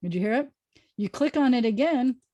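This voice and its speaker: A woman's voice: fairly high pitch, animated, a little fast, mellow, dry recording, lo-fi sound. A woman rabbi giving a casual online lesson over a video call, chatty and thinking aloud with many fillers. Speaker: rabbi teaching a class.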